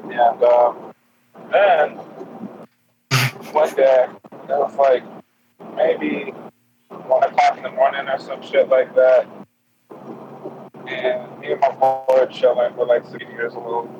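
A man's voice: mid-range voice, flat delivery, takes it slowly, pauses often. Laughing young man telling a profane story. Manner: profane, laughing, acts out quotes. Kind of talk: casual storytelling among friends. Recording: lo-fi with loud noise.

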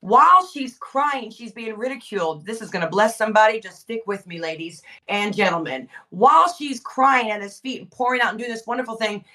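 A woman preaching with fervor, repeating phrases for emphasis and rising to shouts. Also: on the high side, expressive, a little fast, few pauses, distant mic. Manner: fervent, emphatic repetition, swells to shouting. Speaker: guest preacher. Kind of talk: impassioned preaching.

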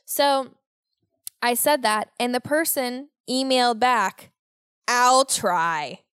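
Young female podcast host, unhurried and self-mocking, slightly high voice, dry recording. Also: clear, resonant tone, no room sound. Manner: rambling and self-deprecating, swears casually. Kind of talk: casual solo podcast monologue.

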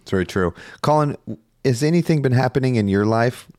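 A man's voice: mid-range voice, expressive, a little fast, darkish tone, no room sound, studio quality. A man co-hosting a podcast, talking loosely and casually with some swearing, telling a long story. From Northern California. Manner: rambling storyteller, laid-back and profane. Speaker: podcast co-host. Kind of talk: casual chat.

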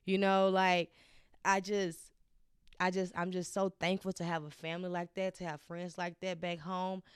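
Smooth-voiced young woman podcast host. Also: fairly low pitch, level tone, moderate pace, no room sound, studio quality. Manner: heartfelt, chatty, many fillers and restarts. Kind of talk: casual solo podcast chat.

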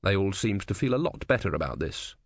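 A man narrating an audiobook in an expressive, wry storytelling manner. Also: low-pitched, a little fast, no echo, studio quality.

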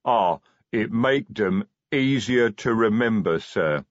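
A man voicing a big, gruff male troll sergeant who growls in slow, broken grammar. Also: fairly low pitch, lively intonation, dry recording, dull audio. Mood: earnest.

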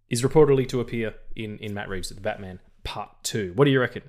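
A man's voice: lowish voice, quick pace, few pauses, darkish tone. A man with an Australian accent co-hosting a film podcast, talking loosely with jokes and swearing. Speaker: podcast co-host. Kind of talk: casual film podcast chat.

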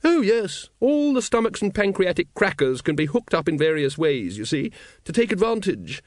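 A man voicing a gruff, aristocratic woman who breeds dragons, hearty and awkward in manner, in an audiobook reading. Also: high-pitched, big pitch swings, moderate pace, no room sound, clean studio sound, voice pushed up.

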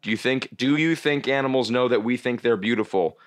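A young man, a stand-up comedian, chatting casually on a podcast, rambling and halting with many restarts and curses. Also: medium pitch.

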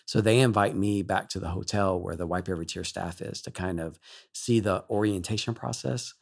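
A male worship leader, a guest on a talk show, telling an emotional story in an animated way and laughing often. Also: low-pitched, a little fast, gravelly, slightly rough.

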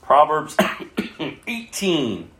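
A man preaching a sermon and reading scripture aloud, swinging between loud bursts and soft asides. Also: on the high side, huge pitch swings, drawn-out words, echoey room.

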